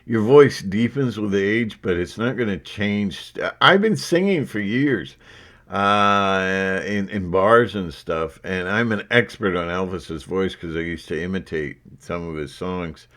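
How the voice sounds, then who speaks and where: Speaking at a measured pace in a low, fairly bright voice, this vlogger chats casually with his audience. He wanders from point to point, tossing in lots of asides along the way.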